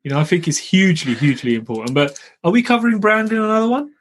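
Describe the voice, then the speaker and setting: Fast-talking husky male co-host. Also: high voice. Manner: quick, banter-heavy, laughing. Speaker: podcast co-host. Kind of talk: casual podcast chat.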